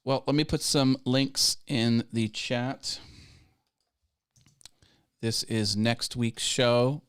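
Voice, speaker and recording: A man with a clean-toned, mid-range voice speaks very slowly and with fairly even intonation while hosting a casual YouTube live stream. He rambles, restarts sentences, and laughs at his own jokes.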